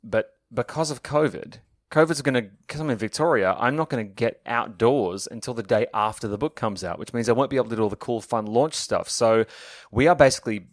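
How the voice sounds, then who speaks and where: A man's voice: mid-range voice, fairly quick, hardly any pauses, dry recording, clean studio sound. A young man chatting enthusiastically on a podcast, joking and plugging his book. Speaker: podcast co-host and author. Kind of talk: casual chat.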